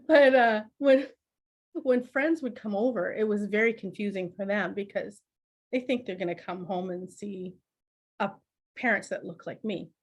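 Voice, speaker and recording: A middle-aged woman, a podcast guest telling family stories in a lively, laughing, conversational way. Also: mid-range voice, unhurried, pauses often. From Canada. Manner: laughs often, animated anecdotes with acted quotes. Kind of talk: conversational storytelling.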